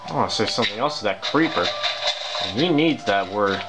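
A man's voice: medium pitch, expressive, measured pace. Exasperated man grumbling over gameplay. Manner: grumbling, frequent exasperated exclamations. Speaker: gameplay video host. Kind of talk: casual gameplay commentary. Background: game music playing clearly.

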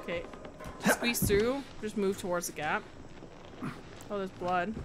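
A woman's voice: medium pitch, unhurried, music in the background. A woman livestreaming a horror game, frightened and jumpy, chatting with viewers and reading prompts aloud. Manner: jumpy, nervous, talks to chat, reads tutorial prompts aloud.

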